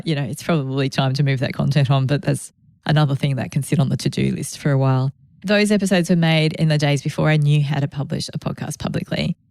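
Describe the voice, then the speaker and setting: Aussie woman hosting her podcast, low gravelly voice, chatty and reflective. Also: a little mellow, no room sound, studio quality. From Australia. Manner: conversational, grateful, with asides. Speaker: podcast host. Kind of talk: reflective solo podcast talk.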